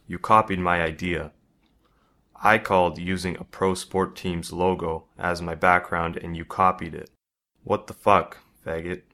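A man reading a story aloud, voicing a crude, mocking schoolboy bully in his own low voice. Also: fairly even intonation, unhurried, sharp tone, full character voice. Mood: taunting. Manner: taunting, crude.

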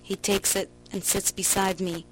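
A woman giving a slow, emotional, theatrical reading of a first-person story. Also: medium pitch, little pitch movement, a little hiss or hum, poor audio. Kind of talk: dramatic literary reading.

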